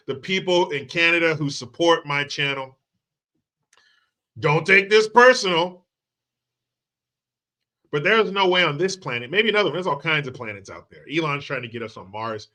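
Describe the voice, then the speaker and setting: A man's voice: on the high side, pushed and bright. A man hosting a commentary channel, delivering a profane political rant full of crude mockery and sarcasm.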